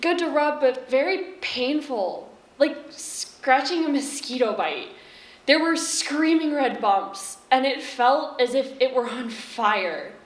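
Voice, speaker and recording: A young woman playing a blunt, resentful divorced woman, with a deliberate, plain-spoken stage delivery. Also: high voice, a bit bright, heavily acted. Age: young adult. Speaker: student actor. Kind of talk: stage monologue. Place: stage in a hall. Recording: echoey room.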